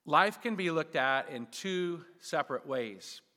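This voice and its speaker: Male pastor, sermon, somewhat high voice, emphatic stressed phrases, long hall reverb. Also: lively intonation, a little slow, pushed and bright.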